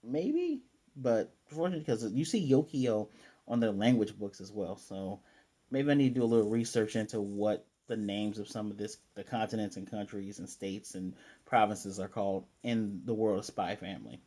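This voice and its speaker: Mellow-voiced man recapping an anime. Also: on the low side, normal speed. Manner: chatty, self-correcting retelling with playful asides. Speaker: anime reviewer. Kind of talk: casual episode recap.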